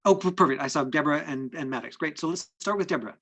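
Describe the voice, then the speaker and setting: Husky-voiced male acting coach, halting. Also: a little high, sharp tone, low-quality recording. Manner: halting, many fillers and restarts. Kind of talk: live online acting class.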